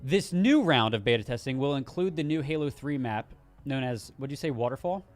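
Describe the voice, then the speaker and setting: A man's voice: mid-range voice, animated, fairly quick, faint music behind. A man co-hosting a casual gaming news show, rambling a bit with restarts as he reads out the news. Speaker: co-host.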